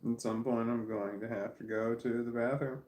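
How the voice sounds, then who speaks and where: A man's voice: medium pitch, fairly even intonation, normal speed, darkish tone. Rambling man in an echoey room. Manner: candid, wandering, self-deprecating, often trailing off. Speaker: vlogger. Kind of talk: casual rambling monologue to camera. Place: at home in a room, with a puppy in his lap. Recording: roomy echo.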